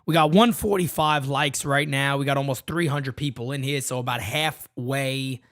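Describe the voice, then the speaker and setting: A man hosting a live sports podcast, animated and talking straight to his viewers between callers. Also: medium pitch, moderate pace. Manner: animated, hypes up callers, shouts catchphrases. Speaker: podcast host. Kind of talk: live show reading voicemails.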